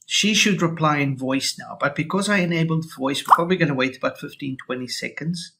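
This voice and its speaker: A man hosting a tech channel, walking through a software demo in a casual, think-aloud way. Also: a little high, a little fast, creaky, noisy background.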